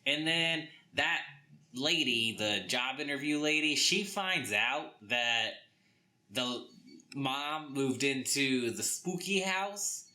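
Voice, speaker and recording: A young man with a Southern US accent rants through a book review, exasperated and quick to act out the people he describes. His voice is bright and sharp-edged. His pitch swoops up and down as he talks. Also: expressive. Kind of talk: ranting comic book review.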